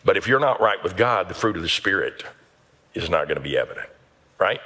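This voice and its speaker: A middle-aged man delivers a sermon as a pastor. His voice is bright and forward, and he is animated, slipping into character voices for the people in his stories. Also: deep voice, brisk.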